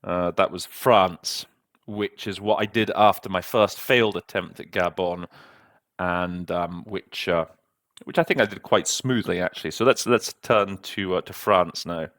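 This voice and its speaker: Host man, very deep voice, dry close sound, self-critical interpreter talking through his work. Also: a little slow, a bit bright, dry recording. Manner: reflective, self-critical, conversational. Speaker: conference interpreter and podcast host.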